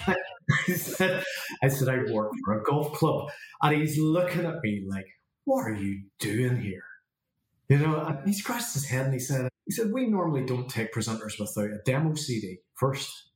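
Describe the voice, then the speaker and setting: A man, a confidence coach telling a personal story and acting out the dialogue in it. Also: on the low side. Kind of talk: storytelling monologue. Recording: roomy echo.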